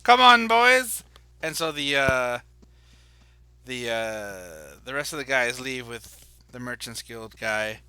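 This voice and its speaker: A man narrating a tabletop role-playing game as game master, halting and full of fillers. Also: medium pitch, bright, forceful tone, smooth, dry recording.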